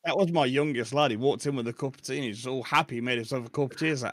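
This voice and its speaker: A man's voice: medium pitch, very fast, a bit bright, no room sound, clean studio sound. A middle-aged man speaking as a podcast guest in a rambling, self-deprecating chat, laughing often. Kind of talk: casual chat.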